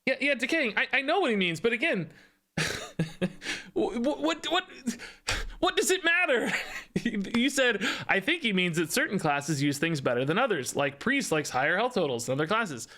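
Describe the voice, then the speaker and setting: Streaming a card game, this man talks rapidly through an exasperated, lively rant full of laughter and repeated words. He has a high-pitched voice.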